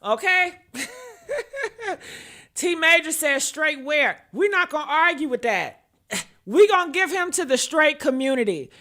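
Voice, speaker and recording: A woman's voice: sits high, sharp tone. A woman giving brash, profane livestream commentary, chatting with her viewers and teasing them by name.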